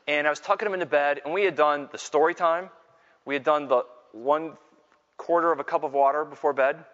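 A middle-aged Catholic speaker and Scripture teacher gives a lively live faith talk to a full room in a large hall, talking fairly quickly and telling self-mocking stories that build to loud exclamations. His voice is on the high side for a man and rings with long reverb, though the recording is dull and lo-fi.

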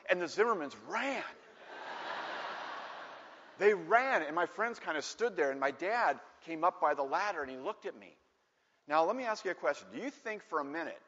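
A man with a high, very lively voice tells a story from the pulpit and slips into the voices of the people in it. The sound is muffled and rings out in a long hall reverb, like a church. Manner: animated, acts out voices in stories. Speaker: preacher. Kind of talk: storytelling sermon. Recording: dull echoey hall recording.

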